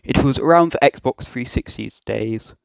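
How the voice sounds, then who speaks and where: A young man comments on clips in a self-mocking, halting way. His voice sits at a middle pitch, and the recording is dry and close. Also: vocal fry, no echo, poor audio. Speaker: YouTube reaction host. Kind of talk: reaction commentary.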